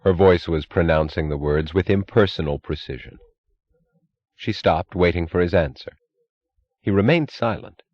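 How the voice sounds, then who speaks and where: Male audiobook narrator, deep, measured, dull lo-fi recording. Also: no room sound. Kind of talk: scripted narration.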